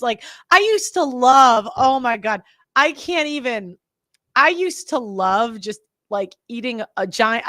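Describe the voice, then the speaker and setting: Chatty high-voiced young woman, blunt. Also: fairly bright tone, no echo, studio quality. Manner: chatty, rambling, blunt, many fillers and restarts. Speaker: podcast host. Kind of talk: casual opinionated monologue.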